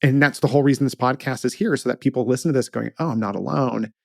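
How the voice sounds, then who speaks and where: A middle-aged man hosting a podcast interview, speaking casually and emphatically, quick to agree with his guest. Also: medium pitch, fairly even intonation, creaky, darkish tone, dry recording, studio quality. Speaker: podcast host.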